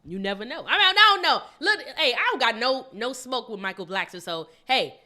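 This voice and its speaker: A woman co-hosting a podcast in casual chat, blunt and animated, swearing freely. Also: on the high side, a little fast. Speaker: podcast co-host.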